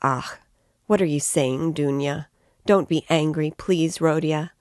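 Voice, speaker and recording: A woman's voice: sits low, normal speed, gravelly, no echo, studio quality. A woman reading the lines of an anxious, loving middle-aged mother who talks in a fretful, pleading way.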